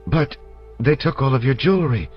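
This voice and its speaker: A man's voice: medium pitch, sing-song, normal speed, voice pushed up, lightly acted. A man voicing an earnest young woman thief in an audiobook, with emotional, raised delivery, on a dull lo-fi recording with faint music. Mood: startled.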